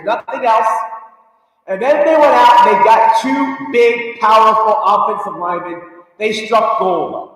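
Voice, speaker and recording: Hosting a live sports talk show, a man rants in a high, fired-up voice, reading viewer comments, pushing his points emphatically and shouting at times. He sits far from the mic in a very echoey room with a long reverb tail.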